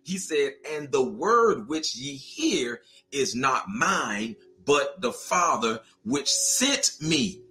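Man, preacher, sermon, calls to congregation, bright tone, faint music behind. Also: mid-range voice, sing-song, slow.

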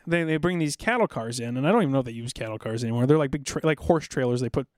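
Fast-talking man swapping army stories. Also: medium pitch, no room sound, studio quality. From South Dakota, USA. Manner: rambling, animated, acts out drill sergeants. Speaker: podcast guest, military veteran. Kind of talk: casual storytelling chat.

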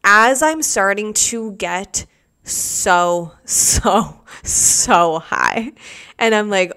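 A woman's voice: mid-range voice, slow pace, bright, forceful tone, clean tone. A young woman hosting a podcast, telling a personal story in a casual, rambling way, full of fillers and restarts. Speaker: podcast host.

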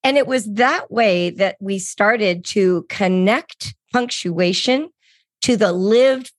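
A middle-aged woman co-hosting a podcast, explaining teaching tricks in a lively, example-filled way. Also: medium pitch, dry recording, studio quality. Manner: animated explainer, acts out examples. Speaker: podcast co-host. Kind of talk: casual teaching chat.

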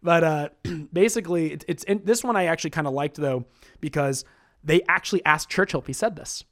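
Chatty man explaining, slightly high voice. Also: brisk. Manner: chatty, explains with many fillers and laughs. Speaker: podcast co-host presenting quotes. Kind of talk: casual podcast chat.

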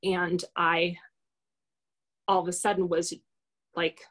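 A woman's voice: lowish voice, level tone, takes it slowly, a bit bright. A woman guest telling a personal story in a casual, rambling, hesitant way, full of fillers.

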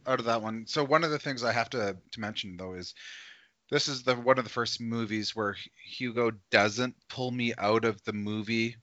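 A man's voice: mid-range voice, normal speed, fairly bright tone, dry recording. A man on a podcast panel, giving blunt, short opinions in a casual film chat. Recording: dull dry lo-fi podcast audio.

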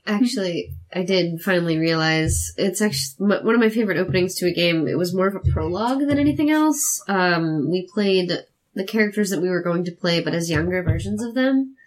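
A woman's voice: lowish voice, lively intonation, a little fast. A woman in casual chat about how a role-playing campaign began. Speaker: tabletop role-playing player.

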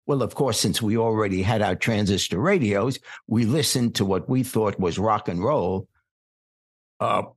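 An older man, a podcast guest born in England, telling long stories in a relaxed, wry conversational way. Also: on the low side, moderate pace, breathy edge. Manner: relaxed anecdotal storyteller, wry asides. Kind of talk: storytelling in conversation.

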